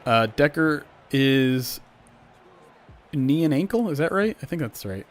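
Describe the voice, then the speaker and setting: This young live-stream host has a slightly high, expressive voice and an unhurried delivery. Chatting casually with his viewers, he reads the chat aloud and narrates a football game simulation, growing loud at the big plays.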